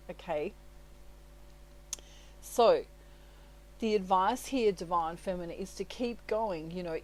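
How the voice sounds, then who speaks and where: A woman's voice: mid-range voice, a little mellow, poor audio. Chatty woman giving a tarot reading. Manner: chatty and reassuring, laughs often; leans on tags like "right?" and "you know". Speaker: tarot reader. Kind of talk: casual spoken tarot reading.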